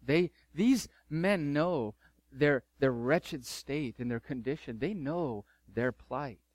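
A man's voice: medium pitch, lively intonation, slow, darkish tone, dry recording. Fervent male preacher, dry sound. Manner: fervent preaching with emphatic repetition. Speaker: pastor. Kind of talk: sermon.

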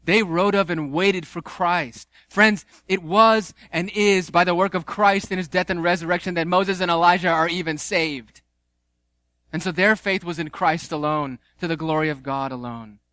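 A man preaching a sermon, animated and conversational, with playful asides. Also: high voice, normal speed, no echo. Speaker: pastor.

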